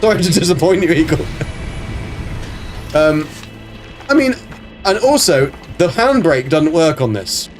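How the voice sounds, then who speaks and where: With a slightly high, sing-song voice, a man speaks at a measured pace and pauses often as faint music plays. He casually narrates a game on his live stream, greeting viewers by name, chatting with them and swearing a lot.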